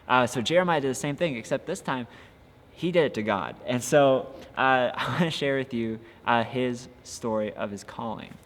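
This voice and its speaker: A man's voice: mid-range voice, normal speed. A young man, a youth pastor, giving an earnest, encouraging devotional talk with frequent filler sounds. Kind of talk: casual devotional podcast talk. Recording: long reverb with faint ambient noise.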